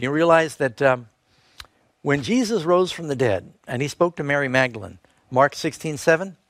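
Animated preaching man, dry close sound. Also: dry recording. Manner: storytelling, rising sharply in pitch for emphasis. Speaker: Bible teacher. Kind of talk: sermon-style Bible lesson.

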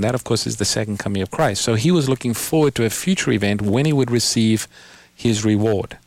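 A man hosting a call-in radio Bible program, patiently explaining scripture and slowing down to quote verses. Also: medium pitch, darkish tone, no echo. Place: radio studio.

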